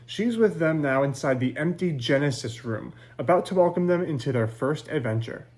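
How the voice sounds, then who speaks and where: A male author reading his novel aloud in measured first-person narration at a library event. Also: a little high, lively intonation, darkish tone.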